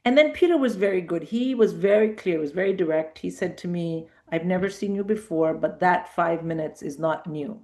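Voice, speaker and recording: A middle-aged woman with a lowish voice chats through a casual interview. She spins animated anecdotes and acts out the other people in them with quick shifts of tone. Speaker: comedian guest.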